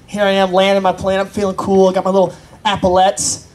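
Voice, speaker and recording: A man's voice: high voice, completely flat delivery, fairly quick, a little mellow, slight background noise. A man doing open-mic stand-up, chatty and self-deprecating, bantering with the crowd. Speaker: stand-up comedian. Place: convention stage in front of an audience.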